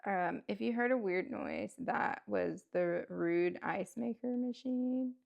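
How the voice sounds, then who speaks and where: Slow, gravelly-voiced woman chatting. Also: medium pitch, muffled recording. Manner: chatty, rambling, lots of fillers and self-talk; laughs often. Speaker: host. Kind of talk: casual chat while building a toy kit. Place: at home.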